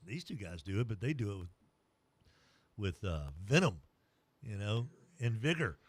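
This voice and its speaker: A middle-aged man hosting a sports radio show, energetic and jokey as he rattles off sponsor plugs. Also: fairly low pitch, normal speed, breathy edge, dry recording. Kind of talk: sports talk radio and ad reads.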